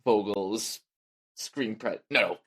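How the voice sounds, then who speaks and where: Lower-voiced wry male co-host. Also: drawn-out words, fairly bright tone. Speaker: podcast co-host. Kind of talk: casual pop culture discussion.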